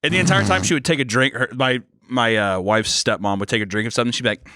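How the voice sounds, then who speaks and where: A man's voice: mid-range voice, quick pace, bright, forceful tone, no room sound, clean studio sound. A man guesting on a podcast, telling a rambling story in casual chat.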